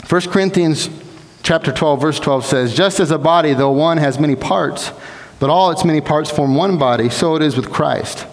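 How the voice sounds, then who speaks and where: A man's voice: fairly high pitch, normal speed. A young man preaching a sermon in a church sanctuary, earnest and exhorting, sometimes restarting his words. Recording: long hall reverb.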